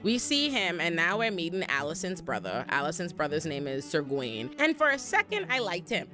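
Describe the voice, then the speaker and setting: A woman's voice: lowish voice, fairly quick, over music. Sassy, profane woman recapping a show. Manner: animated, sassy and profane, with lots of asides. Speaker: recap host. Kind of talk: casual commentary recap.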